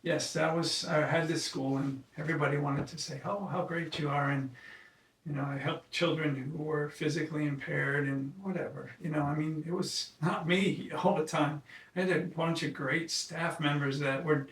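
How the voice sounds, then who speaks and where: In a casual conversation, a man who is an occupational therapist and founder tells earnest, emotional stories, often restarting his sentences haltingly. His voice is a little high, with a steady, fairly bright tone, captured by a distant mic in an echoey room.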